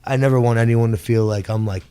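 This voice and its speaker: A man's voice: mid-range voice, fairly even intonation, fast, dark tone, smooth. Rambling man talking casually. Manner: rambling, full of fillers and restarts. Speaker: podcast guest. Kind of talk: casual chat.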